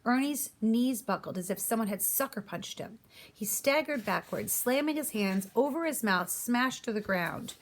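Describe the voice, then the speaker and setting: A woman's voice: on the high side, animated, normal speed, slight background noise. A woman reading a children's novel aloud, narrating and giving voice to each character. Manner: reads aloud, voicing each character's lines. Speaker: audiobook reader. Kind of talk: storybook narration.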